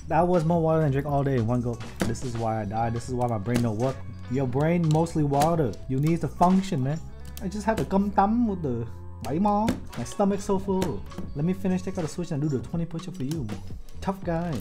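A man giving casual, joking livestream commentary as he builds a keyboard, excitable and swearing often while talking to his viewers. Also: a little high, brisk, over music. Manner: excitable, profane, joking, talks to chat.

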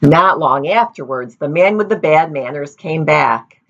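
A woman reads a children's storybook aloud, slipping in playful asides. Her voice sits a little low but moves a lot. The recording is dull and lo-fi. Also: expressive, unhurried, a bit bright.

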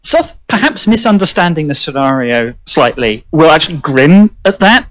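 A man's voice: a little high, big pitch swings, moderate pace, few pauses, fairly bright tone, no echo, poor audio. British man narrating his character. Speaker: player. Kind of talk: describing his character's actions.

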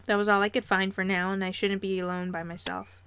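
A young woman reading a visual novel aloud and commenting as she plays, expressive and quick to react. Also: mid-range voice, clear, resonant tone. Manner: expressive, reads narration and reacts with excited squeals. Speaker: let's play host.

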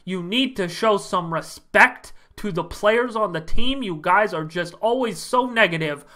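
A man playing a self-proclaimed male expert fan plugging his tiny podcast in a boastful sales pitch. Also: unhurried, pushed and bright.

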